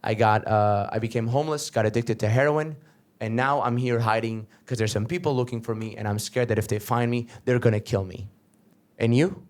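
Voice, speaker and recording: A man voicing a frightened young woman hiding in a hostel, telling her story in a low, rushed, hushed way on a comedy club stage. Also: lightly acted. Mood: fearful.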